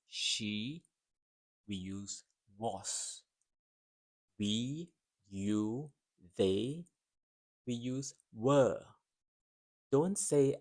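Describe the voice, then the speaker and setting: A male English teacher runs a simple speaking drill, setting out each short sentence on its own. He talks at an extremely unhurried pace, leaving room for the listener to repeat after him. The delivery is deliberate and clearly spaced throughout. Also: fairly low pitch.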